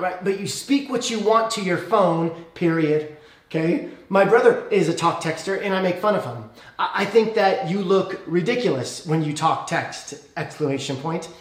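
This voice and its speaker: A man with a fairly high voice gives a sermon, retelling the story casually and checking in with the congregation as he goes. His voice rings around an echoey room. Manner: conversational, asks the congregation "okay?" often. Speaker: preacher.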